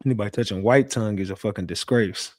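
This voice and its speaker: A man's voice: fairly low pitch, quick pace, dry recording, clean studio sound. A man hosting a casual livestream, brash and trash-talking, who laughs often and reacts to chat messages. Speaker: livestream host.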